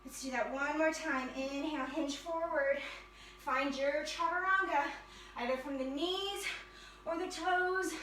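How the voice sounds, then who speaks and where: A woman leading an energetic yoga fitness class, cheering and counting down reps, slightly out of breath. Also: high voice, a little slow, slight background noise. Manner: upbeat, encouraging, counts down reps. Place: yoga studio. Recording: echoey room from a distance.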